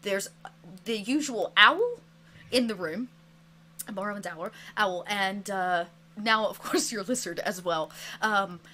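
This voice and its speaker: A woman narrating a tabletop role-playing game as game master, lively and chatty, with many fillers. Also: medium pitch, slow pace.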